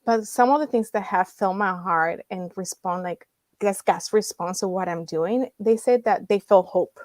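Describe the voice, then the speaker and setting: A woman's voice: medium pitch, moderate pace, darkish tone, no echo. A woman in her thirties, a guest founding a nonprofit, telling her story in conversation, acting out dialogue and laughing often.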